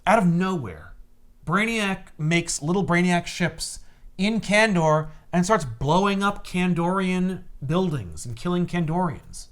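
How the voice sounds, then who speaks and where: A man with a high speaking voice talks in a casual chat about comic books. He retells scenes with energy and jumps into quick voices for the characters' lines. His tone stays loose and conversational. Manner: animated storyteller, acts out quoted lines. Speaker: podcast host. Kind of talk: casual comic book discussion.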